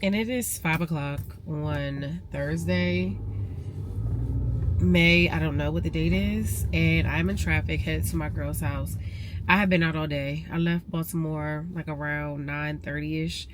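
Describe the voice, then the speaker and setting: A woman's voice: low-pitched, fairly even intonation, measured pace. A woman chatting casually to her viewers from her car in traffic, with a stuffy nose, calling them y'all. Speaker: vlogger and realtor. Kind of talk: casual vlog chat. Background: vehicle noise.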